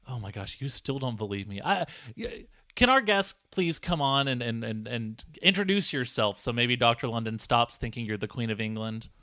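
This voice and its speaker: A man co-hosts a comedy podcast, teasing his partner with playful exasperation. His voice is mid-pitched, and the recording is close and dry. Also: sing-song, moderate pace, pushed and bright, no echo. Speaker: podcast producer.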